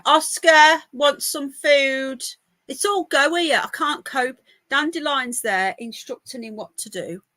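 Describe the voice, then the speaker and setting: Brief: woman, chatty home podcast host, bright, slightly high voice, dry close laptop sound, rambling and easily sidetracked. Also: no echo. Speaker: podcast host reading news. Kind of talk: casual live news chat. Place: home by a window. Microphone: laptop mic.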